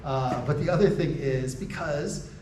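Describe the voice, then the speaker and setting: An American man gives a conversational lecture to faculty, restarting his sentences and checking in with his listeners. His voice sits a bit high for a man. He is heard from a distance in an echoey room with faint ambient noise. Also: unhurried. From United States. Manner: laughs between points.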